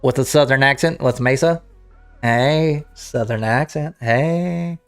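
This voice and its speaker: A man's voice: mid-range voice, moderate pace, soft background music. A man streaming a game, chatting casually with his viewers and thinking aloud as he restarts his sentences. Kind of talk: casual livestream chat to viewers.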